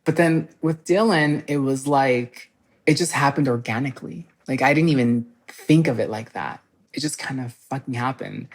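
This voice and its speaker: Fast-talking animated woman guest. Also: extremely low pitch. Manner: animated, fast storytelling with many "like" fillers. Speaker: podcast guest. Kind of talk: casual chat.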